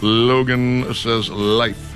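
A man hosting a talk radio show, reading listener picks in a relaxed, drawling way with lots of ums and uhs. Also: mid-range voice, drawn-out words, music in the background. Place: radio studio.

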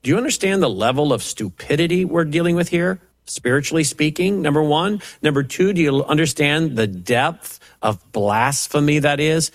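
An impassioned man teaches the Bible verse by verse, firing off rhetorical questions and mocking asides as he builds to forceful preaching. His voice sits a little higher than most men's, and the sound is close and dry with no room around it. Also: animated, normal speed, hardly any pauses, no echo. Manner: impassioned, rising to emphatic preaching on scripture. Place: at a computer, typing up passages.

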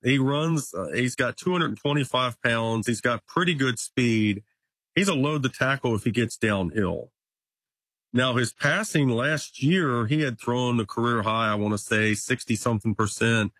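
Guest sports reporter, male, husky voice, dry sound, chatty and numbers-driven. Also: mid-range voice, unhurried, a bit bright, dry recording. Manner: stat-heavy, conversational, occasional restarts. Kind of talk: casual sports analysis.

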